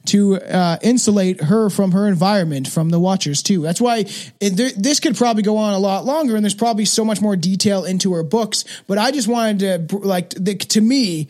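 Man, podcast host, high voice, rambling, swearing, filler words. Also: a little fast, darkish tone. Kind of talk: casual chat.

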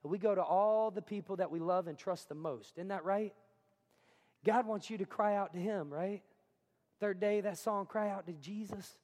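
A man's voice: sits high, moderate pace, darkish tone. A man preaching a sermon as pastor, talking conversationally, often asking the congregation questions and acting out quotes. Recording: hall reverb.

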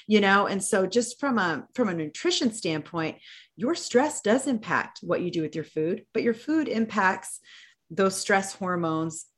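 A woman's voice: medium pitch, animated, a little slow. A woman hosting a health podcast, explaining in a conversational way with frequent tag questions. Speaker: podcast host. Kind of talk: conversational interview.

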